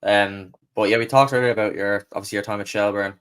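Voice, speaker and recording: A young man hosting a podcast, asking questions in a relaxed, conversational way. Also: lowish voice, fast talker, smooth. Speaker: podcast host. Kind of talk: casual interview questions.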